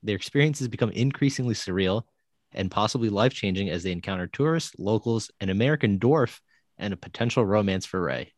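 A man's voice: lowish voice, expressive, fairly quick, dry recording, studio quality. A man co-hosting a casual movie review podcast, reading a plot summary and then giving blunt opinions. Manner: reads synopses, then blunt enthusiasm. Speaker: podcast co-host.

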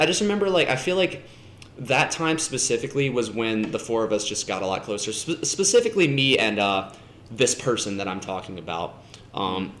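A man's voice: mid-range voice, a bit bright, a little hiss or hum. A young man chatting as a podcast guest, telling rambling laid-back stories full of fillers. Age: young adult. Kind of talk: casual chat. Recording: echoey room.

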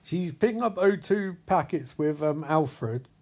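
A man's voice: a little high, expressive, darkish tone. Profane man doing a sarcastic film recap. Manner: profane, sarcastic, acts out characters in quick quoted voices.

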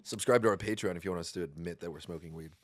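A man's voice: low voice, racing, slight background noise. A man co-hosting a podcast in casual chat, making dry, understated remarks and telling a short story. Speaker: podcast co-host.

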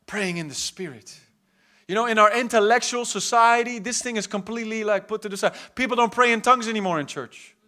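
A South African pastor preaches a charismatic sermon in a church hall, fervently swinging between loud exhortation and quiet asides. His voice sits high and moves fairly quickly.

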